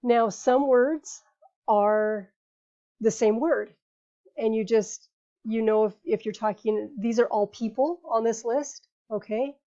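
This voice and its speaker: A woman's voice: a little high, slow, mellow, lo-fi sound. A woman teaching a Spanish grammar lesson in English, patient and explanatory, often checking in with "okay?" and "right?".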